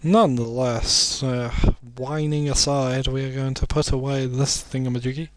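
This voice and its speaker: Drowsy male let's-player, mid-pitched voice, dry close sound, rambles and mocks his own jokes. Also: fairly even intonation, moderate pace, no echo. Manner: rambling, self-deprecating jokes, muttering asides. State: sleepy, yawning. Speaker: let's play commentator. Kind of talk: casual game commentary.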